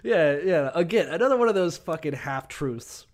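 A man co-hosting a podcast, casually retelling Bible stories with heavy swearing and quick acted-out voices for the characters. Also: fairly high pitch. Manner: profane, animated, acts out characters in quick bursts. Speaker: podcast co-host.

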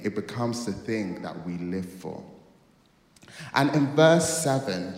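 A man's voice: lowish voice, a little mellow. A man preaching a sermon, telling stories and acting out dialogue with dramatic bursts. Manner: storytelling, acts out dialogue, dramatic outbursts. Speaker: pastor. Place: church hall. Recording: echoey hall with long reverb.

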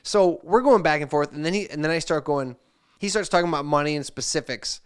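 A man's voice: a little high, brisk, clear, resonant tone. A man hosting a podcast, telling a rambling anecdote in casual chat and acting out the messages he quotes. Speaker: podcast host.

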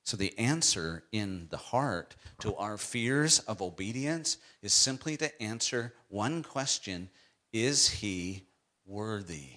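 Low-voiced preaching man. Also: lively intonation, takes it slowly, few pauses. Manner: swings from quiet intensity to loud, high-pitched emphasis. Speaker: pastor. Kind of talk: sermon.

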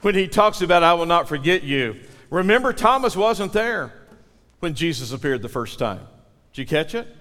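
A man preaching in a church sanctuary, his voice high and bright. He builds to forceful peaks and draws the congregation into repeating lines back to him, with a long reverb trailing behind. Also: sing-song, moderate pace. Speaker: pastor. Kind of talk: sermon.

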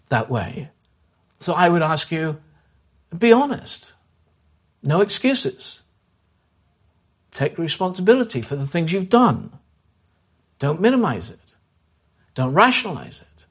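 A high-pitched male pastor preaches a sermon, earnest and direct, repeating key phrases and urging his listeners on. When he leads prayer, his voice drops to something soft and slow.

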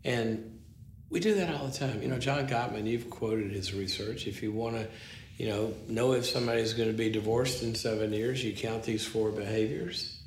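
A man's voice: lowish voice, moderate pace. A man, a psychologist, telling a story in conversation, acting out the dialogue and often restarting his sentences. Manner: animated, acts out dialogue, frequent restarts. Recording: roomy with faint noise.

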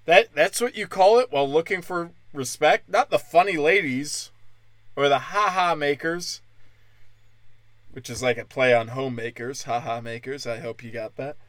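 A man doing crude stand-up, brash and profane, slipping into mocking high-pitched impressions and sounding a little tipsy. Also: normal speed, a bit bright, no room sound. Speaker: stand-up comic.

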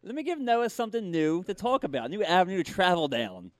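A male comedian and ventriloquist telling a story in a casual, animated way, often restarting his sentences. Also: sits high, brisk.

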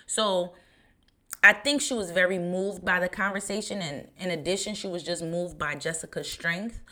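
A woman's voice: fairly low pitch, normal speed, sharp tone. A woman in her thirties hosting a podcast, talking in a chatty, rambling way with lots of fillers. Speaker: podcast host. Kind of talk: casual podcast monologue.

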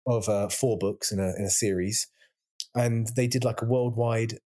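British male guest, low-pitched, rambling chat with restarts. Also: steady tone, normal speed, warm tone. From England. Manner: rambling, many restarts and repeated words. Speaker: guest, actor and writer. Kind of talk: casual interview chat.

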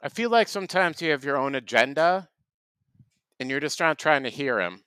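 A man with a fairly high voice trades deadpan jokes as co-host of a comedy podcast. His delivery is dry and teasing. The recording is close and dead, with no room sound. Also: moderate pace, clean tone, no echo. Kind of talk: casual comedic chat.

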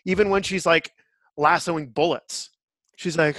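A man's voice: fairly high pitch, normal speed, fairly bright tone, no echo, studio quality. A man hosting a podcast, giving blunt, opinionated reviews in casual chat. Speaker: podcast host.

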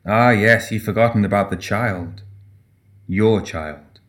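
Guy doing a deep smug demon, all taunting and sly. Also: takes it slowly, a bit bright. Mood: mocking. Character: sly mocking male demon spirit.

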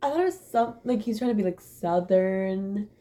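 A young woman co-hosting a podcast, talking about a reality show in a relaxed, hesitant way, often trailing off. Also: medium pitch, normal speed. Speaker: podcast co-host. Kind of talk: casual chat recapping a reality show.

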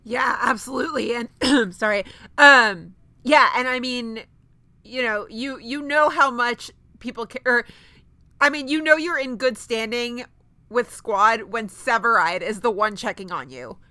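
A woman with a bright, forceful voice and a slightly high pitch talks in relaxed, chatty podcast conversation, full of fillers like "you know" and "um". The sound is dry and close, with hardly any room around it. She has the hiccups. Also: measured pace, dry recording. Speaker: podcast co-host. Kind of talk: casual chat.

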